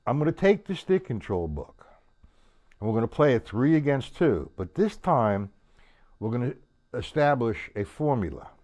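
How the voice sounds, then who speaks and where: Brief: male drum teacher, slow unhurried delivery, casual, live drums loud in the background. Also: medium pitch. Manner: casual, repeats words, counts beats aloud while playing. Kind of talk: live-streamed drum lesson. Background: drum kit playing.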